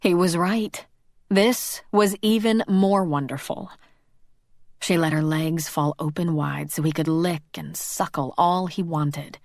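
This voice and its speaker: Low-voiced woman narrating an audiobook. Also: slow pace, darkish tone, dry recording, studio quality.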